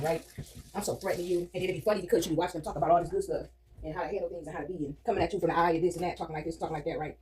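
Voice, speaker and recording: A middle-aged woman vlogging casually while baking in her kitchen, chatting to viewers and asking "right?" often. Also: on the low side. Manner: chatty, addresses viewers as y'all, frequent tag questions. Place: home kitchen. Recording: loud background noise.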